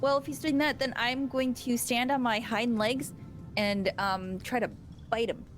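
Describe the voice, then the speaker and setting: A woman's voice: a little high, steady tone, a little slow. A woman playing a tabletop game, explaining her character's actions in chatty, filler-heavy talk. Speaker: player.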